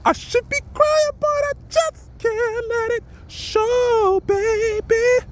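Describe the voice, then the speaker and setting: A man putting on a mocking impression of a heartbroken guy singing a sad love song in a strained, sobbing falsetto. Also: steady tone. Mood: mock crooning. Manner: drawn-out, sobbing mockery.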